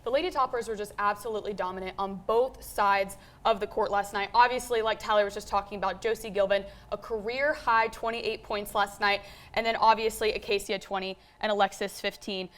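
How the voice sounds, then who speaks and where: A young woman reporting on a basketball game at a news desk, talking quickly and confidently with casual fillers. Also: mid-range voice, steady tone. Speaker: sports reporter. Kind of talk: sports reporting.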